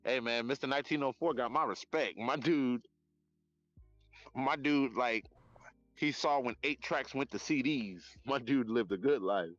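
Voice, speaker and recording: A man live-streaming outdoors at night on his phone, chatting in a rambling, profane, animated way. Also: medium pitch, a little slow, no echo, highs cut off, soft background music. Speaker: livestreamer. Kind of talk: casual live-stream chat.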